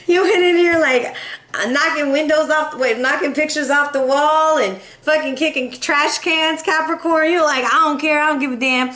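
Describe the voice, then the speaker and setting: A woman's voice: high voice, a bit bright. A woman giving a casual tarot reading, chatty and playful, swearing casually and acting out voices in quotes. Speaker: tarot reader.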